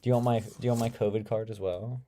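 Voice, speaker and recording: A man's voice: lowish voice, fairly even intonation, quick pace, mellow, slight background noise. A young man with an American accent, hosting a casual live stream and answering viewer comments with dry sarcasm. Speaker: live-stream debate host.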